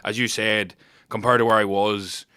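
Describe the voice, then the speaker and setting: A man's voice: on the low side, flat delivery, moderate pace, bright, forceful tone, clean tone, no echo, clean studio sound. A man talking as a guest on a casual podcast, reflective but sweary. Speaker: podcast guest, former firefighter.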